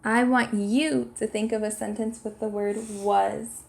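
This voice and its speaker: A woman's voice: mid-range voice, steady tone, a little slow, vocal fry, darkish tone. A woman teaching a sight-word lesson to young children, encouraging them and spelling each word out letter by letter. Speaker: kindergarten teacher. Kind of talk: slow, clear classroom instruction.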